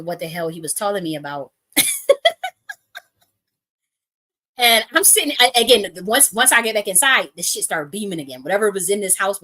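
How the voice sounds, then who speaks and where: A woman with a somewhat low-pitched voice, telling a personal story with lots of profanity. She keeps restarting and circling back mid-sentence, and breaks into laughter now and then. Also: sharp tone. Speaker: spiritual reader.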